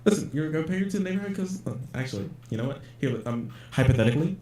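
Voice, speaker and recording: A man's voice: fairly high pitch, expressive, racing, mellow, a little hiss or hum. A man in casual banter, rambling and defensive, stammering through restarts. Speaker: son in a comedic conversation. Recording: roomy echo.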